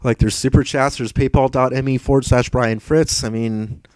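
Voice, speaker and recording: A man's voice: mid-range voice, fairly even intonation, moderate pace, a little mellow, dry recording, poor audio. A young man hosting a casual livestream, reading viewer comments aloud in a rambling, exasperated way, swearing and laughing often. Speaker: livestream host reading chat.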